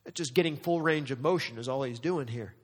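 A male pastor preaching a dramatic, emphatic sermon full of rhetorical questions, slowing down for weighty lines and speeding up for asides. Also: medium pitch, breathy edge, in a large hall. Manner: swings between slow weighty phrasing and quick asides.

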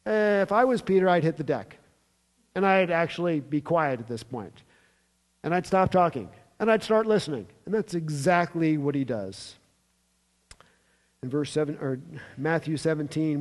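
High-voiced preacher in a reverberant hall. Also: male voice, moderate pace. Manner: animated storytelling, emphatic, with light humor. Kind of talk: sermon. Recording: long reverb of a large hall.

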